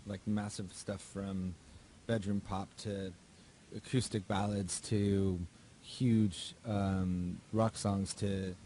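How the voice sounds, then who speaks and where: A man's voice: low-pitched, little pitch movement, slow, warm tone, a little hiss or hum. A male musician talking casually in an interview, loose and rambling with plenty of fillers. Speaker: musician guest.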